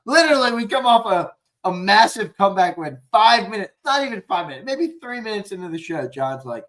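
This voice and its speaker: A young man with a Philadelphia accent co-hosting a live sports show, talking excitably and swearing freely while reading viewer comments. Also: high-pitched, brisk, few pauses. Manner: excitable, profane, rambling, reads chat comments aloud. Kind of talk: casual live-stream sign-off chat.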